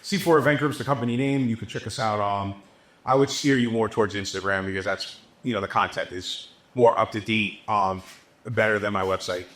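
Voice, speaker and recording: Animated, profane male podcast guest. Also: fairly low pitch, a little fast. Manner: profane, animated, acts out quotes. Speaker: podcast guest, entertainment business owner. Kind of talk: casual interview storytelling. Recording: roomy echo.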